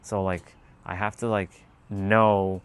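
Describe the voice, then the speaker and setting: A man's voice: low-pitched, level tone, takes it slowly, clear, resonant tone. A man chatting casually and reading out viewer comments, rambling with many fillers and laughing easily.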